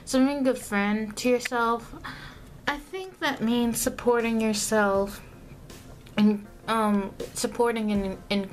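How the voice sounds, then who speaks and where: A woman's voice: on the high side, steady tone, slow pace. A young woman filming herself at home for a casual vlog, rambling and correcting herself, with lots of fillers and asides. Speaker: vlogger. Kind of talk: casual self-filmed vlog talk. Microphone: camera mic, self-filmed.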